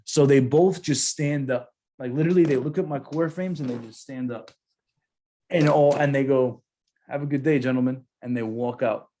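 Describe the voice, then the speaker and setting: A man in his thirties, a podcast co-host telling a story casually, animated and profane with lots of slang. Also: mid-range voice, moderate pace.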